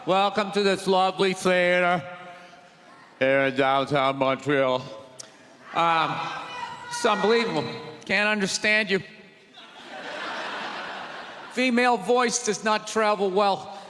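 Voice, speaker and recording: A man works a theater crowd with loud, drawn-out stand-up banter, pitched high and speaking slowly. His voice rings with long hall reverb. A large audience is heard around him. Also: noisy background. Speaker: stand-up comedian. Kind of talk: stand-up set. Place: theater stage.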